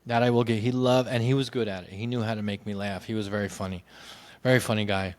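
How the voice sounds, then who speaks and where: A man's voice: lowish voice, steady tone, fast, a little mellow, no room sound. A man telling his life story in a candid, rambling monologue, full of 'you know' fillers and casual swearing.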